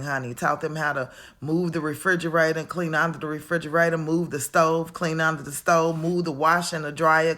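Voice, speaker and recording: A woman's voice: sits low, sharp tone. A woman in her forties talks at home in a reflective, casual monologue, chatty and calling the listener honey. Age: 40s. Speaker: vlogger. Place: at home, indoors.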